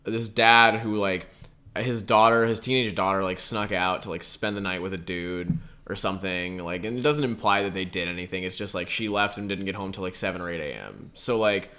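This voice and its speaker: A man's voice: low voice, brisk, bright, forceful tone. A young man co-hosting a podcast, rambling and laughing through loose, profane stories in casual chat. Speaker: podcast co-host.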